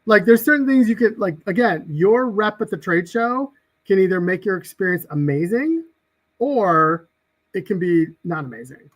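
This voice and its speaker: A man's voice: high voice, moderate pace, rough recording. A man, a guest on a casual podcast, telling work stories and acting out the people in them. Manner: animated storyteller, acts out quoted exchanges.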